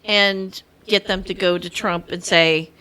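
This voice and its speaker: A woman co-hosting a casual podcast, opinionated and quick to laugh. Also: on the low side, steady tone, pushed and bright, clear, resonant tone. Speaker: podcast co-host. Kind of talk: casual chat.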